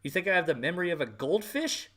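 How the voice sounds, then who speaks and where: A man's voice: sits high, lively intonation, fast talker, a bit bright. A man hosting a podcast, delivering an angry, profane political rant with emphatic repetition. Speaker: podcast host.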